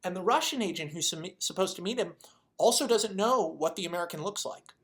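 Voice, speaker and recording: A video creator pitching a made-up movie plot in a casual, rambling way, swearing and acting out the characters' lines. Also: lively intonation, brisk, a bit bright. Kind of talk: casual storytelling.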